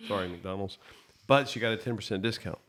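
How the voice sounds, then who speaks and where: A man co-hosting a podcast, explaining his thoughts in a thoughtful, measured way. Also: lowish voice, fairly bright tone. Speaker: podcast co-host. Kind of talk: reflective podcast conversation.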